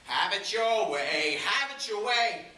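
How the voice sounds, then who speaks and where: Male actor as a bitter, ranting man behind the wheel; bright, animated stage delivery, picked up far from the mic. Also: high voice, takes it slowly, slight background noise, exaggerated voice. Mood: sarcastic. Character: frustrated man ranting on a drive. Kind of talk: stage monologue. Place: school auditorium stage. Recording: echoey auditorium from far off.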